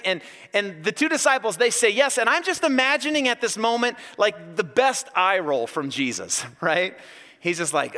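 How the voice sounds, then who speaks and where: Male pastor, sermon, bright high voice, jokey and animated, in a reverberant church hall. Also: normal speed. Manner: animated, joking storyteller.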